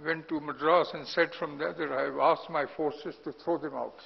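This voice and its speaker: An older man with an Indian accent speaks bluntly at a launch event, his voice gravelly and husky. His pitch sits on the high side. The sound is dull and rings with long hall reverb. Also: steady tone, moderate pace. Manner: blunt, grows loud when indignant. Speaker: former national security adviser, speaker. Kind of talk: speech at a report launch. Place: large hotel hall.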